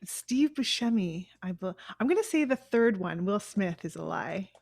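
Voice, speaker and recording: A woman co-hosting a casual chat show, reasoning out loud in a relaxed, hesitant way. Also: mid-range voice, normal speed, vocal fry, no room sound, studio quality. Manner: thinks aloud, hesitant. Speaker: co-host.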